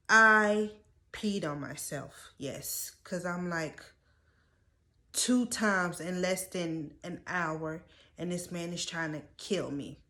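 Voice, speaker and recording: A young woman speaks slowly and deliberately in a storytime vlog, her voice sitting a little low. She sounds earnest and close to tears, pleading with her viewers. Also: sharp tone. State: holding back tears. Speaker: vlogger.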